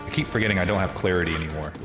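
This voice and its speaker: A man's voice: deep voice, very fast, over loud music. A man streaming a video game, chatting with viewers in a loose, swear-filled way. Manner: animated, swears freely, chats with viewers. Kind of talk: casual gameplay commentary. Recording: echoey room with long reverb.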